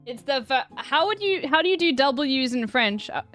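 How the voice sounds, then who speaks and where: A woman's voice: sits high, animated, moderate pace, fairly bright tone, soft background music. A woman streamer chatting casually while reacting to news, giggling often and trailing off mid-sentence. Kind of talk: casual chat.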